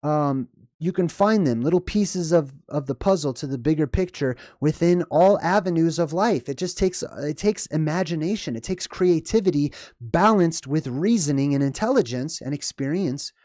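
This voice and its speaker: Male commentator, mellow tone, dry room, casual and rambling, keeps asking "right?". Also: fairly high pitch, no echo. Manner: rambling, frequent "right?" and "okay?" check-ins. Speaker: video commentator.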